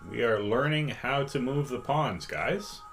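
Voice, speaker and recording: A man's voice: medium pitch, expressive, a bit bright, faint music behind. A man teaching chess on a live stream, patiently reading out viewers' votes and inviting them to join in. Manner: slow, patient, reads out chat votes. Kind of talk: interactive live-stream lesson.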